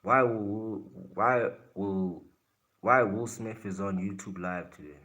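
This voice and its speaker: A man's voice: on the low side, slow pace, fairly bright tone. A man from South Africa hosting a live stream, casually answering his chat in a blunt way and laughing often.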